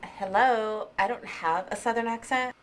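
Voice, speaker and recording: A woman playing a sharp-tongued, sarcastic ex-girlfriend with biting comebacks. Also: a little high, unhurried, slight background noise, natural voice. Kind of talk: indie comedy drama acting.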